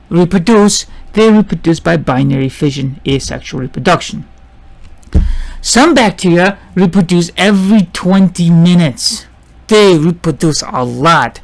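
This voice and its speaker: A man's voice: a little high, creaky. A man teaching biology in a casual lecture, often restarting sentences, asking himself questions and checking in with his listeners. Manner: halting, with many restarts and rhetorical questions; checks in with "see?" and "right?". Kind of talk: informal classroom lecture.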